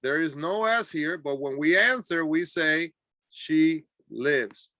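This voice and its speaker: A man who speaks Spanish as his first language, teaching an English class with clear, deliberate repeat-after-me drills and an encouraging manner. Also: a little high, lively intonation, bright, forceful tone, no echo, clean studio sound. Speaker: ESL teacher.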